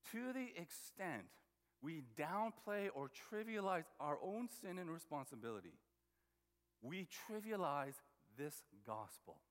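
A man's voice: fairly high pitch, sing-song, unhurried. A man preaching a sermon as a pastor, conversational and full of restarts and repeated words. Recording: long hall reverb.

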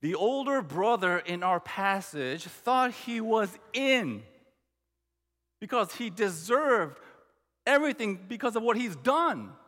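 A man's voice: high-pitched, very animated, slow, fairly bright tone, in a large hall. A man preaching a sermon, emphatic, acting out the quoted lines. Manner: emphatic, acts out the quoted brother. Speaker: pastor.

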